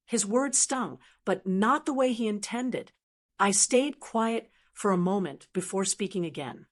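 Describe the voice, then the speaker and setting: A woman in her sixties telling a first-person story in a steady, measured scripted narration. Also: mid-range voice. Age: 60s.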